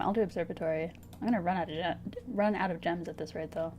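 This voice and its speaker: A woman streamer casually thinking aloud over a puzzle game, hesitant and giggly, with soft music behind. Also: on the low side, steady tone, a little fast, a little hiss or hum. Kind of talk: casual gameplay commentary. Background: soft background music.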